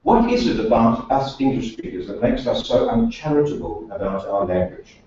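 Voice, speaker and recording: A man's voice: medium pitch, wildly swooping pitch, normal speed, a little mellow. A man from South Africa, a speech coach, delivers a prepared talk to a professional meeting, leaning on dry humour and rhetorical questions. His voice reaches a distant microphone in a very echoey hall. The sound is dull and muffled. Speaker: speaker, speech and accent coach. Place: meeting room of a professional association.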